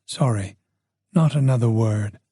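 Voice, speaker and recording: A man's voice: mid-range voice, measured pace, warm tone, husky, dry recording, clean studio sound. A man voicing a chatty, nosy older village woman with a faint Dublin Irish accent. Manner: gossipy, nosy, playful.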